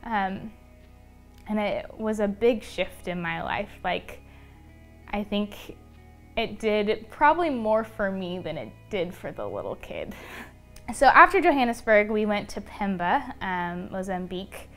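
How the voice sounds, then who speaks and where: A woman's voice: medium pitch, big pitch swings, a little slow, soft background music. A young woman being interviewed, telling a personal story in a casual, chatty way, full of "um" and "like". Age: young adult. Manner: chatty, many fillers like "um" and "like". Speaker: interview guest.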